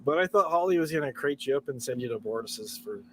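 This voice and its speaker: A man's voice: medium pitch, lively intonation, fast, fairly bright tone, slight background noise. A man hosting a casual stream, playful and goofy, stirring up his friends. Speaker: stream host. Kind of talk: casual banter.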